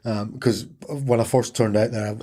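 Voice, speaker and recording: Husky, low-voiced man. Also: fairly even intonation, moderate pace, warm tone. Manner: earnest, emphatic, repeats phrases for weight. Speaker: interview guest. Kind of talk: candid storytelling.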